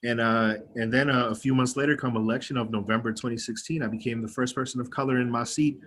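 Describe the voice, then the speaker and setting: Speaking quickly in a steady tone, a young man with a twang, a county legislator, gives a frank, stirring personal speech over a video call to an activist group, swearing freely. His mid-range voice is fairly bright, and there's a little hiss or hum in the audio.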